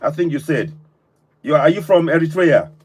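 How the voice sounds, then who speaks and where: A man's voice: a little high, animated, a little fast, darkish tone, breathy edge. A man hosting a live call-in stream, effusive and full of repeated thanks. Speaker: host.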